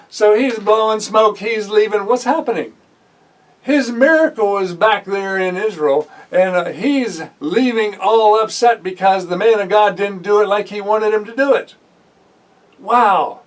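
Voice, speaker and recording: The distant mic and rough recording capture a Bible teacher whose high-pitched voice stays unhurried. Teaching a sermon, he reads scripture aloud and breaks off for conversational comments laced with fillers and self-corrections.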